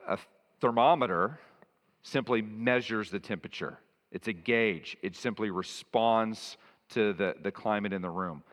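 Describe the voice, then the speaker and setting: A man's voice: lowish voice, fairly bright tone, in a large hall. A man preaching a sermon as a pastor, stressing and repeating key phrases.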